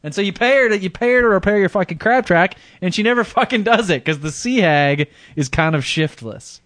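A man's voice: high voice, expressive, fairly quick, a bit bright, no echo. A man co-hosting a podcast in casual chat, rambling through a story and chuckling often. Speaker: podcast co-host.

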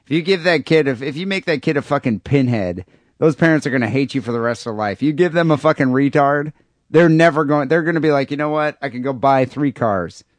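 A man's voice: a little high, fast, no echo. A man co-hosting a podcast, talking crudely and rambling in casual banter, often laughing. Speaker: podcast co-host.

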